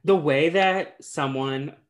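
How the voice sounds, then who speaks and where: A man's voice: fairly high pitch, slow. A man co-hosting a podcast in casual chat, with loose, jokey talk full of fillers. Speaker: podcast co-host.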